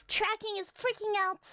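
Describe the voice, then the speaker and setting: A woman's voice: very high voice, pushed and bright. A young woman streamer reading a horror story aloud between chat to viewers, flustered and giggly, stumbling over words.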